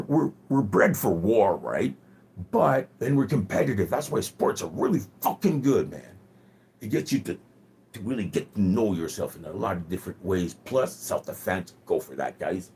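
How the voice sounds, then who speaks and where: Husky man with a slight Quebec French accent. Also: on the low side, warm tone. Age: 40s. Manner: rambling, profane and earnest. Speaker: gaming streamer. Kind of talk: casual livestream chat.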